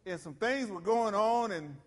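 A middle-aged man preaches with emphatic call-and-response. His voice sits high for a man. The sound carries a long reverb from the church hall. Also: animated, normal speed. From South Carolina. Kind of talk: sermon.

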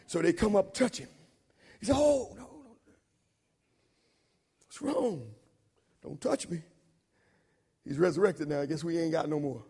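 A man preaching a sermon in an informal, repetitive style, swinging between loud shouted emphasis and low murmured asides. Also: gravelly, breathy edge.

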